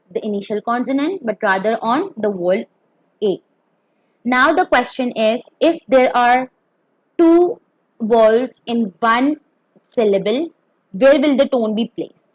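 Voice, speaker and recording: A woman's voice: on the high side, dry recording, poor audio. A woman teaching a beginner Mandarin pinyin lesson, explaining carefully and demonstrating each tone.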